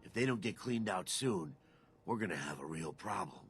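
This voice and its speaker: A man's voice: low-pitched, animated, moderate pace. An actor playing a male settler in a video game who asks for help in a plain, earnest voice. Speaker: quest giver. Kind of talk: game character dialogue.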